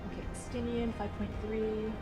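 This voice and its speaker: A woman's voice: a little high, flat delivery, a little fast, loud music behind the voice. A woman livestreaming a game, chatting casually with viewers, giggling often and tripping over her words. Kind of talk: casual live-stream chat while gaming.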